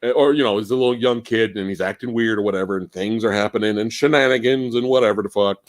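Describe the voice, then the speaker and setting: A man hosting a live movie podcast in casual chat, animated and profane, laughing often. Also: on the low side, fast talker, no echo, clean studio sound. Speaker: podcast host.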